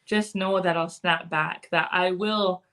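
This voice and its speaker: A woman's voice: fairly low pitch, fairly even intonation, measured pace, a bit bright. A woman talking as a podcast guest in a loose, conversational way. She is candid and frank, and she lets a cuss word slip in here and there. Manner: candid, frank, occasionally cussing. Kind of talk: casual conversation.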